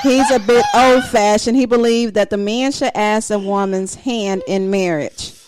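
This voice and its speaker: A woman's voice: mid-range voice, a little slow, darkish tone, a little hiss or hum. A woman reading out listener chat comments on a podcast, amused and casual.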